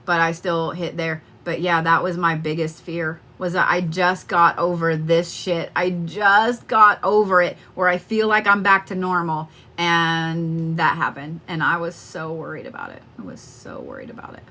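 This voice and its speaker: Bright-voiced, swearing woman chatting live. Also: lowish voice, fairly even intonation, measured pace, hardly any pauses. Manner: chatty, rambling and freely profane. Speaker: psychic card reader hosting a live stream. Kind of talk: casual live-stream chat to viewers.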